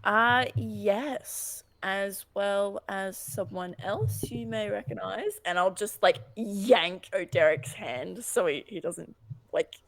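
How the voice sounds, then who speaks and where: A woman playing a tabletop game, speaking very slowly in a low, gravelly voice. She sounds casual and hesitant, and the recording is dry and close. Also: dry recording. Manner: casual, hesitant, many fillers. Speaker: player.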